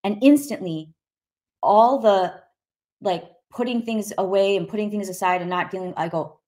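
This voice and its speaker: A woman's voice: mid-range voice, moderate pace, a little mellow. A woman sharing her personal testimony in an emphatic, vivid storytelling manner. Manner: vivid and emphatic, acting out quoted voices.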